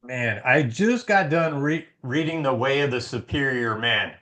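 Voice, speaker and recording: A man's voice: medium pitch, lively intonation, a little slow, sharp tone. A man hosting a podcast, talking in a casual, chatty way and often falling back on fillers. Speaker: podcast host. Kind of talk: casual conversation.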